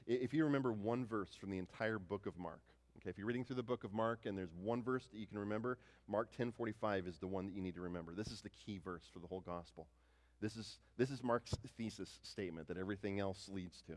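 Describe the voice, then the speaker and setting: A man preaches with a fairly low voice in an easy, conversational way. He throws rhetorical questions to the congregation and often repeats or restarts his words. A long reverb trails behind him, as in a large hall. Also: fast talker. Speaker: pastor. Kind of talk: sermon.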